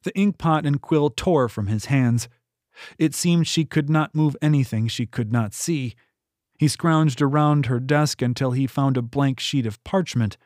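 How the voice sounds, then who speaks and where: A man reading a novel aloud in steady, scripted audiobook narration on a close mic. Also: medium pitch, no room sound. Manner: steady storytelling delivery.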